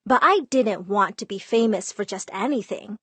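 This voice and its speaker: A woman narrating a first-person storytime in a lively, dramatic way. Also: medium pitch, normal speed, slightly rough, dry recording.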